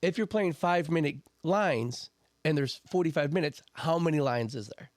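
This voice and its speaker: A man's voice: fairly high pitch, expressive, moderate pace, no echo, studio quality. A man talking as a podcast guest about coaching and homeschooling. He is earnest and emphatic, and he repeats words for stress. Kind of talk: casual chat.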